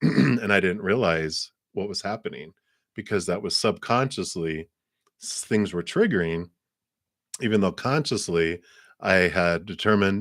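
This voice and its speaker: A man reads tarot cards for viewers on a live stream. His voice sits low, and he talks in a loose, chatty, reflective way, often restarting his sentences. The sound is dry and close to the mic. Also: animated, unhurried, a bit bright, no room sound. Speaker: tarot reader.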